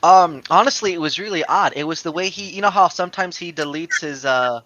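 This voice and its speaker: Brief: quick, sharp-toned male streamer, muffled lo-fi mic. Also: fairly high pitch. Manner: quick, chatty, recounting arguments. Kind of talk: casual chat. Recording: dull lo-fi mic.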